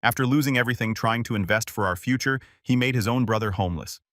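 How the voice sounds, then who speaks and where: A man giving a steady, measured first-person narration of a scripted story. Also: mid-range voice, no echo, clean studio sound.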